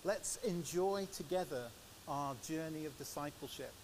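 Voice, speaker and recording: A man's voice: on the high side, unhurried, rough recording. An English man giving a church sermon into a microphone, telling personal stories in a chatty, anecdotal way. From England. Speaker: preacher. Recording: steady background hiss.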